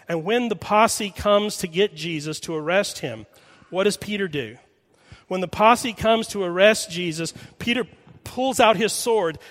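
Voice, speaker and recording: High-voiced preacher in a reverberant hall. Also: male voice. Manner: animated storytelling, rhetorical questions. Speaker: pastor. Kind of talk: sermon.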